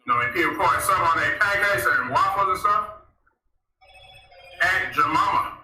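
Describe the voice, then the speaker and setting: A man's voice: high-pitched, lively intonation, moderate pace, bright, forceful tone. A man vlogging casually, rambling and repeating himself as he keeps calling out to his viewers. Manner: repetitive, addresses viewers constantly as y'all. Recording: echoey room, mic far off.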